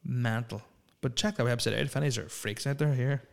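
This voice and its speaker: A man's voice: mid-range voice, fast talker, creaky. A young man chatting alone into the mic for his podcast, his voice sitting mid-range. He rambles loosely, swears often and keeps slipping into jokes and asides. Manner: rambling, profane and jokey. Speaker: podcast host. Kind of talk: casual solo podcast chat.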